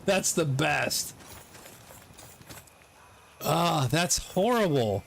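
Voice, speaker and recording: A middle-aged man giving live commentary on his gameplay, excitable, swearing and laughing often. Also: on the high side, very slow, gravelly, slight background noise. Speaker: game streamer.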